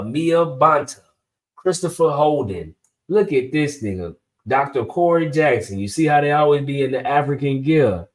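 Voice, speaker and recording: A man hosting a political commentary channel, talking bluntly in slang straight to his viewers. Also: mid-range voice. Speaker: channel host.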